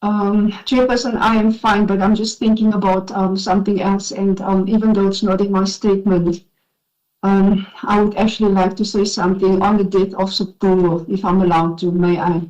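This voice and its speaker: A woman with a South African accent testifying at an enquiry, her voice shaky and halting as she gets emotional. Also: mid-range voice, flat delivery, a little mellow, highs cut off. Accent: South African English. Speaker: witness at an enquiry. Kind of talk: sworn testimony, reading a statement.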